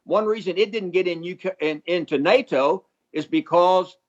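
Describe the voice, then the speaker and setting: Folksy older man on a dull line. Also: sits high. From Texas. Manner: deliberate, folksy, emphatic, with dry humor. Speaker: guest, former congressman. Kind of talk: phone-in interview.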